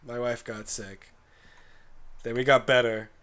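An American man with a hoarse, cold-worn voice, co-hosting a casual podcast chat with wry, easygoing humor. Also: mid-range voice, level tone, unhurried, fairly bright tone. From United States. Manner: laughs often, wry and easygoing. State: hoarse, voice mostly gone from a cold. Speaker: podcast co-host.

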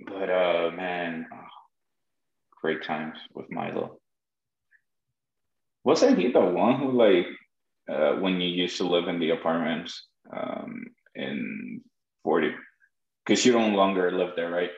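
Low-voiced man with a Spanish accent. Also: very animated, takes it slowly, gravelly, long pauses. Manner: joking, storytelling, laughs often. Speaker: podcast host. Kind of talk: casual chat. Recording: dull lo-fi roomy sound.

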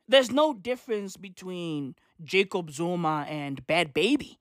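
Animated South African man ranting. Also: high voice, measured pace, few pauses, no room sound, clean studio sound. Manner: animated, exasperated, slangy, frequent laughter. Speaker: comedic commentator. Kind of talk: profane comedic rant.

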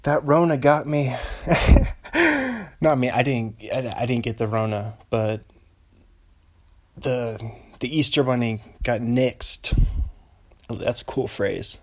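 A man's voice: medium pitch, takes it slowly, pauses often, darkish tone. A young man from Western Washington chatting alone in a meandering way, breaking off into tangents and giggly asides. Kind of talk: rambling solo casual chat.

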